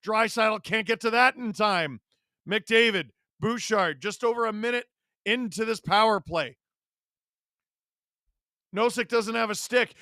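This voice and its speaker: A man commentates live on a game, his high, sharp voice rising into shouts at big chances. His play-by-play is excitable yet unhurried, broken by long pauses, and the sound is dry and close with no room echo.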